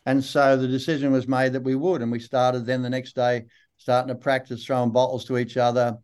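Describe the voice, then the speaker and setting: Broad Australian older man, smooth voice. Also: mid-range voice, level tone, a little mellow. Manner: unhurried, rambling storyteller with many fillers. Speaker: actor guest. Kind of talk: relaxed interview anecdotes.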